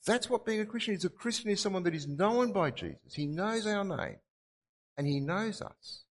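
Lively man preaching in a reverberant hall. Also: high voice, normal speed. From Australia. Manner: earnest, repeats key phrases for emphasis. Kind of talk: sermon.

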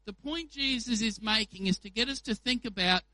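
A man preaching a sermon. He speaks in a conversational, animated way and uses playful examples. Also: high voice, normal speed, no room sound, rough recording.

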